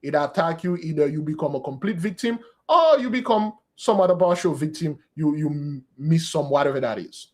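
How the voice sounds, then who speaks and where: A man's voice: on the high side, animated, brisk, hardly any pauses. A man preaching a sermon and leading a spoken prayer, earnest and exhorting, calling his listeners beloved.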